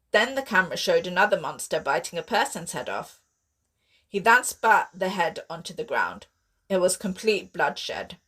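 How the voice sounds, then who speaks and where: Woman reading her horror novel aloud, husky, lowish voice, expressive. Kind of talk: audiobook narration.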